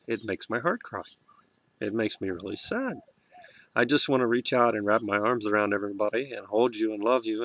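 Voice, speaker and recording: A man talking to his camera in a heartfelt spiritual monologue, soft and emotional, often halting and restarting. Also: fairly low pitch, dry recording. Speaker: vlogger.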